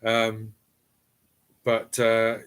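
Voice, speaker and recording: A man's voice: on the low side, completely flat delivery, drawn-out words, fairly bright tone, clean tone. A middle-aged man with an East Cornish accent, hosting a casual live stream from his cellar and chatting to viewers with frequent ums and restarts. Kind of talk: casual live chat reading viewer comments. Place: home cellar.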